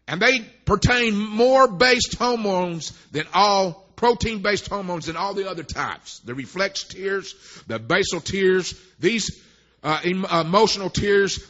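A man preaching a sermon, dropping "amen" between phrases and swinging from quiet talk to shouting. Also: sits high, takes it slowly, dull audio.

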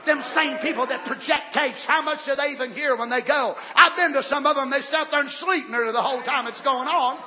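A man preaching a sermon in a church, breaking into shouted outbursts and folksy asides. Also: extremely high pitch, a little fast, hardly any pauses, some chatter behind. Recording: dull lo-fi recording with faint congregation.

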